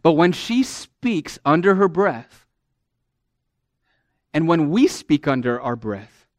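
A man preaching a sermon to women, earnest and emphatic, who speaks to them directly and swings from loud emphasis to a near-murmur. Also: on the high side, dry recording, studio quality.

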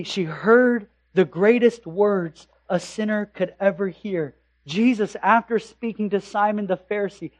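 A man preaching a sermon as pastor, impassioned, rising to loud emphasis and dropping to hushed tones, with rhetorical questions. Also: high-pitched. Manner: slow, deliberate delivery with rhetorical questions.

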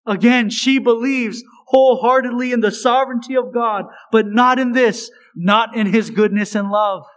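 A male preacher giving an expository sermon, swinging between raised, emphatic lines and hushed, low asides. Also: fairly even intonation. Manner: slow, deliberate delivery.

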